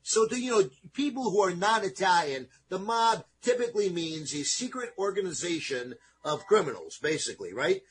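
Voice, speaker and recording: A man's voice: high voice, lively intonation, moderate pace, hardly any pauses, fairly bright tone, slightly rough. A man co-hosting a casual radio talk show, chatty and full of fillers and "okay?" tags. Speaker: radio co-host.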